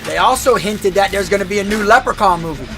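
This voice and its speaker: A streamer man with a high, gravelly voice and a bright, forceful edge. He rambles through stories in slang, restarting his sentences, while game music plays faintly behind him. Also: fast talker. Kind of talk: casual gaming stream chat.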